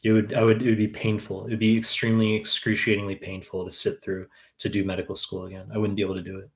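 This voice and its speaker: Fielding questions from live stream viewers, a New York exam prep tutor in his thirties speaks bluntly, swears, and leans on fillers. His pitch is fairly low, his delivery totally flat and creaky, and he talks quickly.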